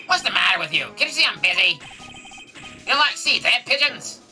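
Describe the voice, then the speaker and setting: Woman doing a cranky old grandpa, gruff and loud, game music underneath. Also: mid-range voice, sing-song, a little fast, pitched above the performer's own voice, heavily acted. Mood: scolding. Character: grouchy old man, shouting and scolding.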